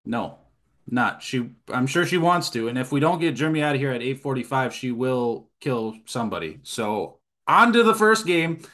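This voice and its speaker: A man hosts a casual sports podcast, chatting and joking with his friends. He steers them from one game to the next, sometimes quick and sometimes drawn out. His voice sits in an ordinary middle range. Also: medium pitch. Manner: joking, runs the segments. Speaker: podcast host.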